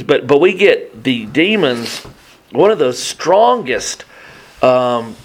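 A man preaching a Bible teaching in an animated, conversational way, often restarting his sentences and adding asides. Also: medium pitch. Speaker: pastor.

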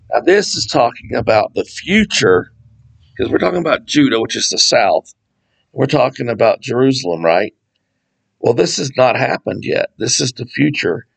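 A man teaching from the Bible in a loose, conversational way, wandering into asides before reading passages aloud. His voice sits in an ordinary middle pitch with a gravelly, fry-laden edge. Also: animated, moderate pace, poor audio. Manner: conversational, digressive, reads scripture aloud. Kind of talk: casual Bible study teaching.

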